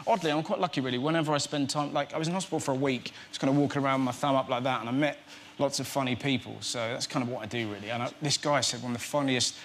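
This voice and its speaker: A young man who is a comedian guest on a talk show, telling lively anecdotes and dipping into put-on voices. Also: medium pitch, rapid-fire, slight background noise.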